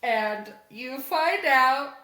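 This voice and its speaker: A woman's voice: high voice, very slow. A woman co-hosting a podcast, casually recapping a comic story, acting out the characters' lines and swearing as she goes. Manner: animated retelling, acting out lines in quotes, swearing. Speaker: podcast co-host. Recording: echoey room.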